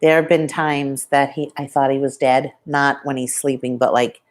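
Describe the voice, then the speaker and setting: A woman chatting casually on a live stream at home, showing her pet lizard and talking softly about it, into a plugged-in microphone. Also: extremely low pitch, steady tone, normal speed. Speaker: vlogger.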